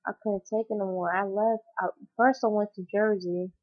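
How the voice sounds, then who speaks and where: A woman's voice: mid-range voice, fairly even intonation, moderate pace. A young woman telling a personal story on her channel, rambling and emotional with many fillers. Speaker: vlogger. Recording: dull lo-fi recording.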